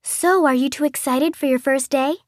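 A woman voicing a calm, worried mom. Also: sits high, moderate pace, dry recording, clean studio sound, pitched above the performer's own voice, natural voice. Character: patient, gently worried mother.

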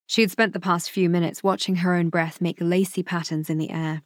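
Woman audiobook narrator, lowish voice, steady delivery, dry booth sound. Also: no room sound. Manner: measured, even storytelling.

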